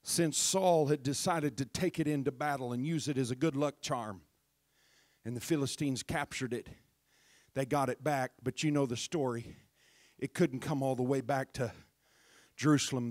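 A man preaching a sermon in a church, talking conversationally and building to loud, shouted praise. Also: medium pitch, measured pace, no echo, studio quality.

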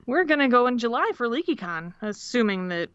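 A woman's voice: a little high, very animated, brisk, a bit bright, smooth, no echo. A woman co-hosting a podcast in casual chat, laughing often and swearing casually as she reads a listener's story. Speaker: podcast co-host. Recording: dull, slightly lo-fi audio.

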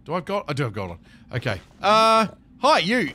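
A man commentating live gameplay, excitable and chattering to the creatures in his game. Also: sits high, slow pace, long pauses. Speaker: gaming streamer.

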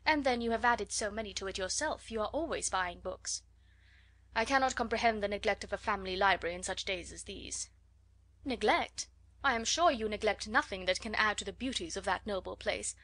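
A woman's voice: medium pitch, a little fast, a bit bright, close to an everyday voice. Woman reader doing a scornful society lady, haughty, affected, storybook reading. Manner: scornful, mocking.

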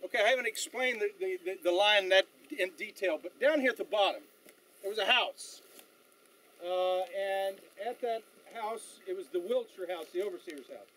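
A man leading a battlefield tour outdoors, telling stories in an animated way with frequent fillers and restarts. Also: sits high, low-quality recording. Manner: animated storyteller, halting with fillers. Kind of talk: outdoor guided tour talk.

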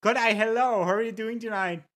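A native French speaker streaming live at a desk mic, chatting casually with viewers. The talk is excitable, breaks into laughs and curses, and greets names from chat. The voice sits at a middling pitch. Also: brisk.

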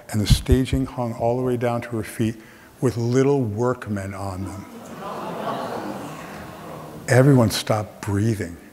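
A man telling a humorous personal story on a theater stage, acting out the voices of the people in it. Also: medium pitch. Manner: animated, acts out other people's voices. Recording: long theater reverb.

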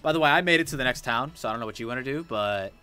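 Fast, bright-voiced man chatting over a game. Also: medium pitch, clean tone. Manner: animated storyteller, swears freely. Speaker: co-host of a game challenge series. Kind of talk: casual gaming chat while playing.

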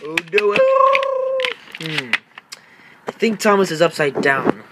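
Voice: medium pitch, animated, slow pace, background noise. A toy-video creator chatting casually and rambling with lots of fillers while narrating their toy play at home.

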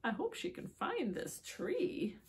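A woman's voice: wildly swooping pitch, takes it slowly, heavily acted. A woman doing anxious peeping baby birds. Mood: worried peeping. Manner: high peeping voice. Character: chirping hungry baby birds, tiny and anxious.

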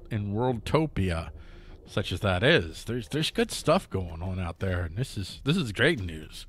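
A man's voice: medium pitch, fairly bright tone. A man hosting a news commentary show, rambling and jokey with many restarts. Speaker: host.

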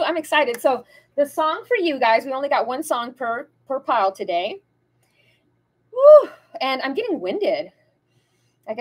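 With a high voice, a woman talks straight to her viewers while giving a casual pick-a-card tarot reading. Her delivery is chatty, rambling and spiritual.

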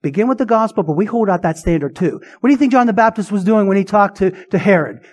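A man with a high voice preaches a sermon as a pastor. He presses his points hard and keeps putting questions to his listeners. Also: animated, fast talker, darkish tone. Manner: emphatic preaching with rhetorical questions.

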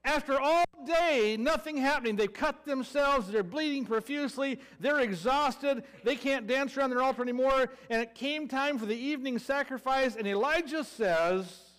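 A man's voice: very high voice, moderate pace, few pauses, a bit bright. A man with a Southern American accent preaching a sermon, telling a story with playful sarcasm and acting out the people in it. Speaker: pastor.

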